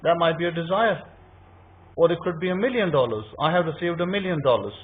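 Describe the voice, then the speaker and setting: A man's voice: a little high, brisk. A man giving an informal scripture teaching, conversational and repetitive, acting out his listeners' thoughts. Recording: tinny phone-like line.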